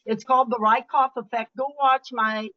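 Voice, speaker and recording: Older woman speaker, emphatic and animated. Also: a little high, moderate pace. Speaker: motivational speaker. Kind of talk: webinar talk. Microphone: video call. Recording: lo-fi video call audio.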